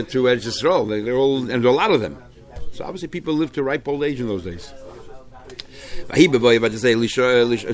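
A man teaching a Talmud class in English, mixing in many Hebrew and Yiddish terms and often restarting his sentences. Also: mid-range voice. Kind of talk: Talmud shiur, explaining texts.

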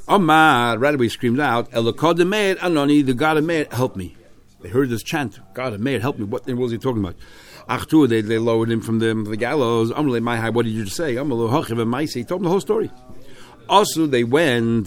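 A man teaching a Talmud class, translating line by line and retelling the story with lively, restarting delivery. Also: mid-range voice. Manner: animated storytelling with frequent restarts.

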